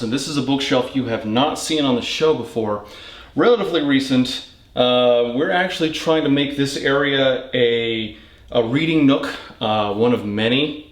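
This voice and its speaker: A man's voice: medium pitch, normal speed, a bit bright. A man hosting a casual, rambling book tour from his home reading nook, with wry joking asides. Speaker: book channel host. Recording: echoey room.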